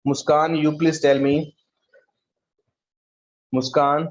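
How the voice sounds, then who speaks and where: A male school teacher with an Indian English accent who talks slowly, repeats words and calls on students by name. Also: a little high, flat delivery, highs cut off, slight background noise. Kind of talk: online class lesson.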